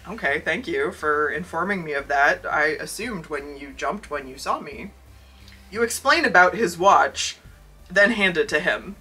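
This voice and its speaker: Podcast co-host, bright voice, casual joking, faint music behind. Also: medium pitch, animated, a little slow, breathy edge. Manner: joking, sarcastic asides. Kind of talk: casual chat and reading aloud.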